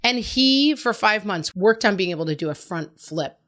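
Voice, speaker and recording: A woman's voice: mid-range voice, expressive, normal speed, a bit bright. A middle-aged woman hosting a podcast, giving frank, chatty, reassuring parenting advice. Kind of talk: casual advice monologue.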